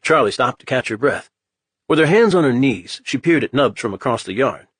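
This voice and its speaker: A man reading a horror audiobook in a measured, dramatic way. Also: medium pitch, lively intonation, a bit bright, slightly rough, no room sound. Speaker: audiobook narrator. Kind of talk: scripted horror narration.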